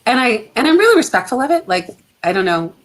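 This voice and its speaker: A woman's voice: a little high, big pitch swings, fast talker, poor audio. A middle-aged woman speaking as a guest on a video call, reflective and chatty, laughing often. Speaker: guest photographer. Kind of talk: casual chat.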